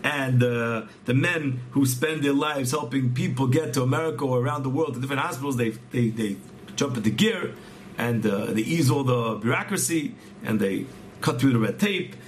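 A man's voice: medium pitch, moderate pace, a little hiss or hum. A man earnestly telling a religious story, often repeating words and restarting phrases as he goes. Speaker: storyteller teaching a religious tale.

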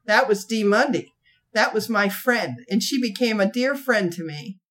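A woman co-hosting a podcast, telling a story in a casual, animated way, laughing often and slipping into acted quotes. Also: mid-range voice, normal speed. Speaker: podcast co-host.

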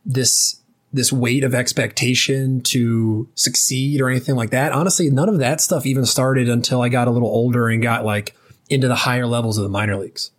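A man's voice: medium pitch, fairly even intonation, fairly quick. Chatty man in his late twenties. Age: late 20s. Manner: loose, chatty, many fillers and restarts. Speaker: former ballplayer guest. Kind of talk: casual storytelling.

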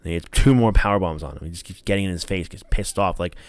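A man's voice: low-pitched, fast, dry recording. A young man casually reviewing wrestling as a podcast host, rambling with many fillers and acting out quotes.

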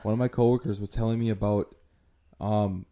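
A man with a low, mellow voice tells a story in relaxed podcast chat. He speaks easily and laughs along often. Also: brisk. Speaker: podcast co-host. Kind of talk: casual chat.

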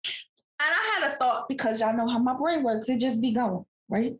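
A woman, casually telling a family story as a podcast co-host, animated and laughing often. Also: on the high side, moderate pace, a little hiss or hum. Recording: echoey room.

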